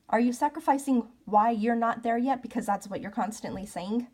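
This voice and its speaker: A woman reads cards and talks the listener through each one in a chatty, coaching way. Her voice sits a little high, and she keeps tossing out rhetorical questions. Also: fairly quick, hardly any pauses, darkish tone. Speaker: tarot card reader. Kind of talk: casual spoken card reading.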